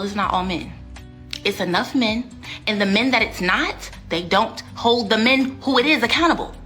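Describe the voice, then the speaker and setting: A woman's voice: a little high, a bit bright. A woman ranting in a sassy, indignant reaction video. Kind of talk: reaction rant.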